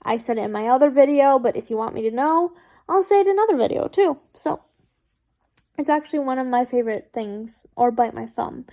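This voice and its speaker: A woman's voice: high-pitched, animated, a little fast, warm tone. A woman reading fan fiction aloud, stumbling and correcting herself, with chatty asides.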